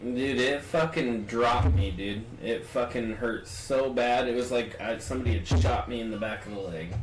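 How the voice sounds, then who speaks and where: A man telling a short story in a casual, excitable way, with a lot of swearing. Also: mid-range voice, normal speed, a little hiss or hum. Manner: profane, excitable interjections. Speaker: podcast co-host. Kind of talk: casual chat. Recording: echoey room with music behind.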